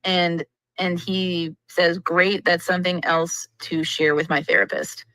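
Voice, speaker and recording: A woman's voice: on the low side, little pitch movement, unhurried, bright, forceful tone, no room sound, low-quality recording. A woman co-hosting a livestream discussion, thinking aloud and analyzing in an inquisitive way.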